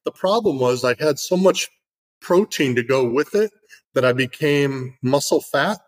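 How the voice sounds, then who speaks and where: A man's voice: mid-range voice, expressive, unhurried, poor audio. A middle-aged man in casual conversation, telling an earnest story with lots of fillers.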